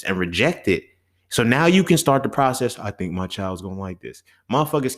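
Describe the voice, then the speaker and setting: A man in his thirties hosting a solo talk show, speaking in a loose, slangy, profane way and acting out back-and-forth dialogue. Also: fairly low pitch. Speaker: podcast host. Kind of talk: casual monologue.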